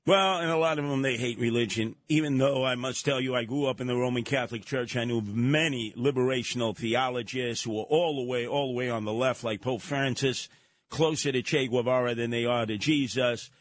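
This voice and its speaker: A man hosting a radio talk show, trading opinions with callers in an animated, mocking way that slips into acted voices. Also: medium pitch, a little fast, no room sound.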